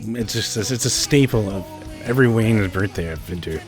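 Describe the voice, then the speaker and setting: A man hosting a casual show about local music, excited, swearing often and laughing between thoughts. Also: on the low side, moderate pace. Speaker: host. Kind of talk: casual podcast chat. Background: music underneath.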